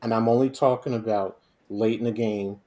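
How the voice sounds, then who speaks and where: A man on a football talk panel, calmly asking another panelist to clarify a point. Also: lowish voice, normal speed. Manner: calm, clarifying. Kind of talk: sports talk.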